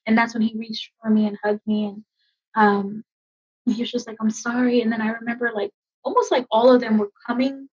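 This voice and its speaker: Husky woman, slightly high voice, emotional halting storytelling, podcast interview, dull lo-fi sound. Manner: emotional, halting, many fillers and restarts. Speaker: army veteran guest.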